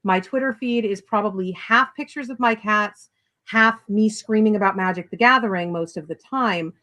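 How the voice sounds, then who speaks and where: A woman's voice: mid-range voice, normal speed, pushed and bright, poor audio. A woman author being interviewed in a casual chat, talking bluntly and animatedly, with self-deprecating humor. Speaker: author guest.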